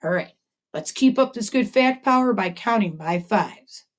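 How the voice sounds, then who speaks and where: A woman's voice: mid-range voice, animated, normal speed. A woman teaching a math lesson to second graders, upbeat and encouraging, chatting with a puppet as she goes. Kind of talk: video math lesson for children.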